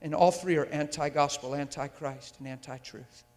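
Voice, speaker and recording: His voice is a little high and a little mellow, with fairly even intonation and a moderate pace. Preaching into a handheld or stand mic in a large church hall with long reverb, he's intense and emphatic, often asking the audience if they follow him.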